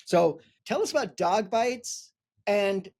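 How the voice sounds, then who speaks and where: A man's voice: high-pitched, animated, slow, a little mellow. A man who is a personal injury attorney co-hosting a podcast, explaining legal points plainly and often tagging his sentences with "right?".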